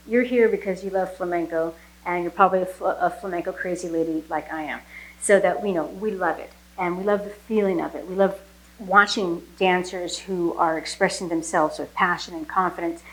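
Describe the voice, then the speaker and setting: A woman's voice: lowish voice, low-quality recording. A woman teaching a flamenco footwork lesson, explaining technique with fillers and then counting the beats aloud. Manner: relaxed explaining, slow with fillers. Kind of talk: dance lesson instruction.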